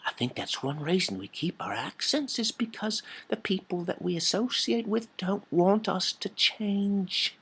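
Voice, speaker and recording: A man's voice: sits high, expressive, measured pace, fairly bright tone, breathy edge. A middle-aged man explaining accents in a playful way, dropping into whispered asides. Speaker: teacher on accents. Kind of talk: playful explanatory talk to camera.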